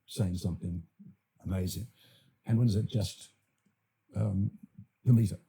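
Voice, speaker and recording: Older man, Australian accent, gravelly, dark tone, thoughtful and halting. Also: deep voice, steady tone. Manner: thoughtful, halting, many fillers and restarts. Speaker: actor and director, guest. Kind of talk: podcast interview.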